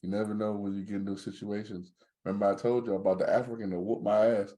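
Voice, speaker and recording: A man's voice: fairly low pitch, fast. A man co-hosting a podcast, in casual joking banter. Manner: joking, animated storyteller. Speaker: podcast co-host.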